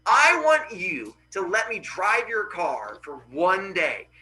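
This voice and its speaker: A man voicing a brash teenage demigod boy who shouts his demands in a loud, excited, bratty way. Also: sits high, slow, heavily acted, rough recording. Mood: eager.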